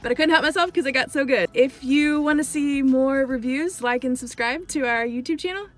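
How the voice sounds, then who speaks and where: A young woman talks through a TV plot in a loose, gossipy way, dropping fillers and stopping for dramatic asides. Her voice sits a little high. Faint music runs underneath. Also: a little fast. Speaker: TV show reviewer. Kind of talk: casual spoiler recap.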